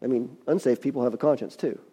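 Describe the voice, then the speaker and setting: A man's voice: medium pitch, fast, mellow, slightly rough. A man preaching a sermon, reading scripture and adding folksy, conversational asides.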